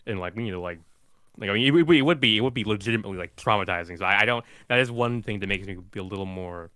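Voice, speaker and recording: A man's voice: lowish voice, racing, pushed and bright, smooth, dry recording. A man from the American South co-hosting a casual podcast, hesitant and searching for words, with a dry wit. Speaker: podcast co-host. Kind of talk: casual chat.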